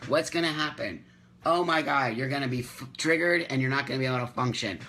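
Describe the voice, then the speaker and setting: A man hosts a casual live morning stream and reads viewer comments aloud. He rants with force and hammers his points home by repeating lines. His pitch sits in the usual middle for a man. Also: animated, moderate pace, pushed and bright. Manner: emphatic, ranting, repeats phrases for stress. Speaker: host of a live morning show. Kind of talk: casual livestream chat reading viewer comments.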